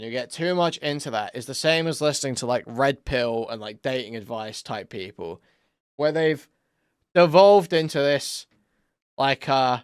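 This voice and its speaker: Young male streamer, crude rambling rant, swearing, smooth voice, dry close sound. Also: medium pitch, expressive, measured pace, dry recording. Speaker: streamer commentator. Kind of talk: profane ranting commentary.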